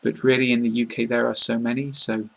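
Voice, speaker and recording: A man with a southern English received-pronunciation accent, explaining pronunciation in an online lesson, calm and plain, pausing often with fillers. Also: mid-range voice, vocal fry. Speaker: English teacher.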